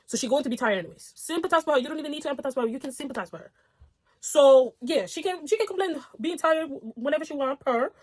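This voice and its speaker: A woman's voice: sits high, lively intonation, fast. A young woman reading online posts aloud and reacting in a casual, outspoken way, swearing and getting heated. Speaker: storytime reactor.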